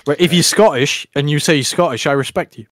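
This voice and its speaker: A man's voice: fairly high pitch, fast talker, fairly bright tone, a little hiss or hum. A man hosting a casual podcast chat, rambling and provocative, often breaking into laughter.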